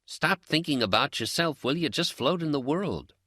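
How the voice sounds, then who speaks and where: A man's voice: on the high side, lively intonation, pushed and bright, no echo, pitched above the performer's own voice. Man voicing a wry, teasing pipe-smoking friend. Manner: teasing, dry, unhurried. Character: calm wry male friend, a pipe-smoking Zen companion. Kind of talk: audiobook character dialogue.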